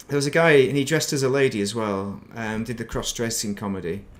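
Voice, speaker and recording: A man's voice: medium pitch, steady tone, brisk. Man rambling on a gaming stream. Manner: rambling and reminiscing, muttering to himself. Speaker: game streamer. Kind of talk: casual gaming stream chat.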